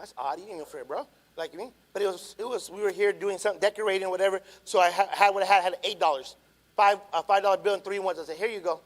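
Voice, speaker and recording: A pastor in his thirties preaching a sermon in a high, bright voice. He drops to quiet, almost conversational asides, then builds to loud, urgent appeals.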